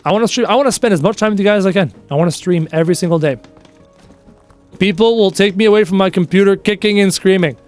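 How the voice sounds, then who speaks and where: A man's voice: sits high, fast, a little mellow, faint music behind. A man live-streaming a game, chatting casually and reading out viewers' messages in a playful way. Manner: chatty, reads chat aloud, playful.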